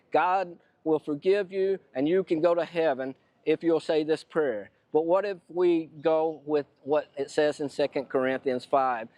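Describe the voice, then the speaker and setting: A preacher telling a story in a sermon, animating it by acting out the quotes. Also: male voice, on the high side, a little mellow, no room sound.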